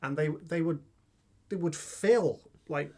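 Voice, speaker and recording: A man's voice: a little high, slow, darkish tone. A man, a co-host chipping in with dry, matter-of-fact remarks in casual chat.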